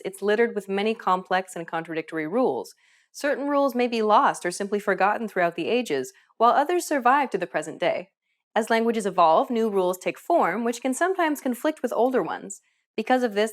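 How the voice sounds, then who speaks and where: A woman narrating a scripted language lesson in an upbeat, explanatory way, asking the learners questions. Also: medium pitch.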